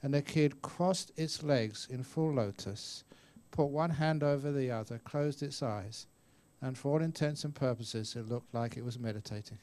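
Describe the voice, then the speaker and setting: A man's voice: medium pitch, moderate pace, hardly any pauses, a little mellow. A man in his sixties, a Buddhist monk teaching at a retreat, telling stories in a chatty way and often acting out voices. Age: 60s. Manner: chatty storyteller, acts out voices, laughs often. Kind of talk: dharma talk answering questions. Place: meditation retreat hall.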